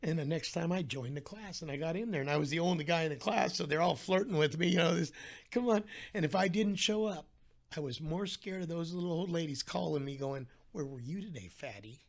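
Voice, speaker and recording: Middle-aged male guest, raspy and slightly high, animated storyteller. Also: fast. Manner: animated storyteller, acts out quoted voices. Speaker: guest telling his weight-loss story. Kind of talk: casual storytelling interview.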